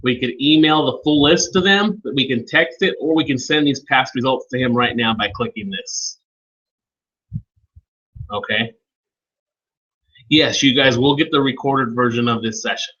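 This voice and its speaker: A man hosts a live software training webinar, his voice bright and forward. He talks informally and turns to attendees by name as he explains each step. The audio is a little dull and lo-fi. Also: mid-range voice, measured pace, pauses often.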